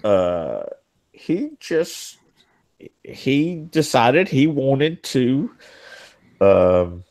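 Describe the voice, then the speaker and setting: Slow rambling man with a lively voice. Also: medium pitch. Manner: rambling, halting, many fillers. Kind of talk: casual group chat.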